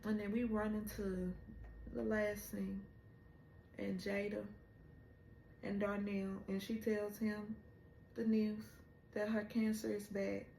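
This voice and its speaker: Slow-talking emotional woman recapping a show. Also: medium pitch, little pitch movement, vocal fry, mellow, reverberant, a little hiss or hum. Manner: emotional, retelling scenes with rising exclamations. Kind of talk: casual episode recap.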